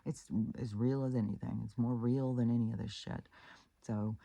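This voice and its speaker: This is a woman talking straight to her own audience in a loose, rambling vlog monologue. Her voice is dark, husky and gravelly. She restarts often and swears bluntly. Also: very deep voice, fairly even intonation, normal speed, dry recording. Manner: rambling, with many fillers and restarts. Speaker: spiritual vlogger. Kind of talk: casual storytelling monologue.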